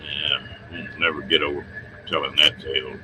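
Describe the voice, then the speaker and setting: Folksy man with a very deep voice. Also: little pitch movement, normal speed, noisy background. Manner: folksy, chuckling storyteller. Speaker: livestream host. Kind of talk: casual chat with viewers.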